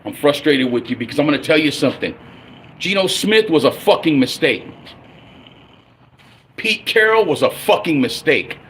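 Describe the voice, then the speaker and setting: A man's voice: a little high, animated, normal speed, pauses often, fairly bright tone, a little hiss or hum. A man in his forties ranting angrily and profanely as a fan on his own livestream. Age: 40s. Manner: angry, profane, blunt. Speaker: livestream host.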